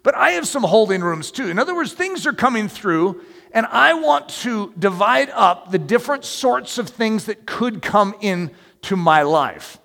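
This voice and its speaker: A man preaching a sermon in an emphatic, animated way with playful asides, recorded in a church hall with a long echo. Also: high-pitched, measured pace, gravelly. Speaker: pastor.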